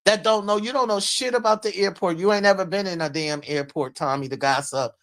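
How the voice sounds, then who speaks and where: A streamer delivers an unscripted rant into a streaming mic, with a voice of middling pitch. The talk is heated and profane, circling back to the same insults again and again. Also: brisk, fairly bright tone. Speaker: live-stream commentator. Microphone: streaming microphone.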